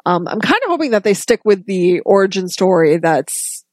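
A woman's voice: mid-range voice, sing-song, normal speed, a little mellow, no echo. A woman co-hosting a casual podcast chat about a film, talking with enthusiasm and frequent restarts. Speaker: podcast co-host.

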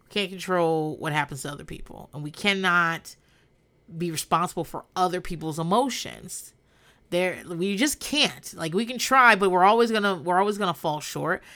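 A woman recaps things on a casual podcast, blunt and foul-mouthed, with lots of laughs. Her fairly low voice moves at a moderate pace and sounds a bit bright through the podcast mic.

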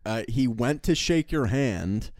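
Young man chiming in with lively agreement. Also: medium pitch, dry recording. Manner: laughing, quick agreeing interjections. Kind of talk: casual chat.

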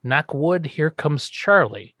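Male podcast host, lively pitch that leaps around, teasing banter, dry close mic. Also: takes it slowly, dry recording. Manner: animated, jokey, swings up into high exaggerated tones. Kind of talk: casual comedic podcast chat.

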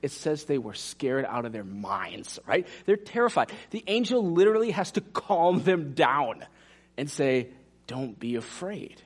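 A man preaches to his congregation, his voice leaping up and down with lively expression. He talks straight to the listeners, then drops to hushed asides for emphasis. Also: on the high side, a little slow, slightly rough. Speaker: pastor. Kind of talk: sermon.

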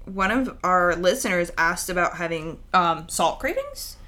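Lively, bright-voiced woman podcast host. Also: lowish voice, a little slow. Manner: chatty and animated, acts out quoted voices. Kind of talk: casual podcast chat.

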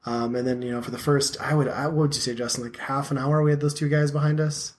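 A man's voice: medium pitch, steady tone, fast talker, darkish tone, a little hiss or hum. Rambling man hosting a podcast. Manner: rambling, lots of "like" fillers, self-deprecating. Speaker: podcast host. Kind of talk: casual podcast chat.

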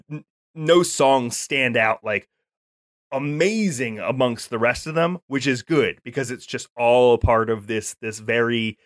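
A man in a casual podcast chat, rambling on about a show with plenty of fillers and restarts. His voice sits at an ordinary pitch, recorded close and dry with no room sound. He talks with real enthusiasm. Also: fairly bright tone, no echo. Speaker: podcast co-host.

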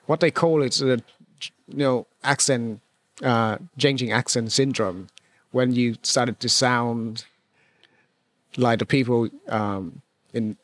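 A man from Vietnam with a Vietnamese accent, a guest in a casual conversation, talking hesitantly with many pauses and restarts. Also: mid-range voice, no echo.

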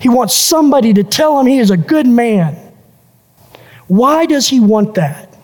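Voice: medium pitch, expressive, a little slow, darkish tone. Preacher delivering a sermon in a reverberant hall. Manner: builds points through repeated lists and phrases. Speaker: pastor.

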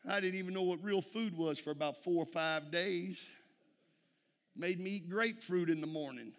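A Texas pastor preaches a church sermon in a slightly high, somewhat bright voice at a moderate pace, and the sound is that of a large room. He tells folksy stories and keeps calling "amen?" out to the congregation.

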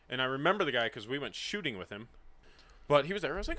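A young man co-hosting a casual podcast, telling a story with lots of swearing and acting out the people in it. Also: racing. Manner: animated, acts out quoted people with big pitch jumps, swears freely.

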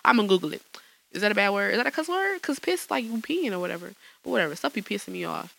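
A woman's voice: medium pitch, sing-song, fast, creaky, a bit bright, poor audio. A woman hosting her own podcast alone in a small studio, chatting casually in slang and laughing often. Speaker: podcast host. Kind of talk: solo podcast chat.

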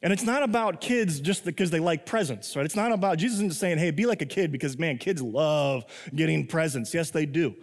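Youngish pastor guy preaching casual, keeps tossing in right?, a bit high voice, long hall echo. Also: fairly quick, few pauses. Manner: conversational, tag questions, lively acted quotes. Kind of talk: sermon.

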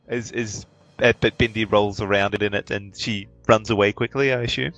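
A man narrating a tabletop game as game master, with halting speech full of fillers. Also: fairly low pitch, fairly bright tone, no room sound, faint music behind, low-quality recording.

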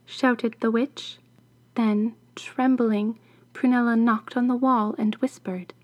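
A woman reading a fairy tale aloud, slow and expressive. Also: a little high, no echo. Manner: slow, deliberate, expressive storytelling. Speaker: storyteller.

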